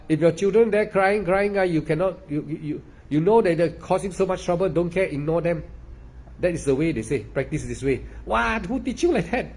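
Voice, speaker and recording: A man's voice: fairly high pitch, dark tone. A man leads a meditation talk in a slightly raised voice. He repeats his points emphatically, dropping "ah" and "lah" between phrases. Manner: repetitive, emphatic, with frequent "ah" and "lah". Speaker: meditation teacher. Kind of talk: dharma talk.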